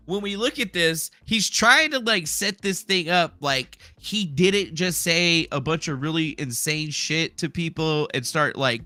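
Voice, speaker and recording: A man's voice: fairly high pitch, pushed and bright, clean tone, dry recording. A man hosting a casual commentary stream, rambling, sarcastic and profane. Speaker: streamer host.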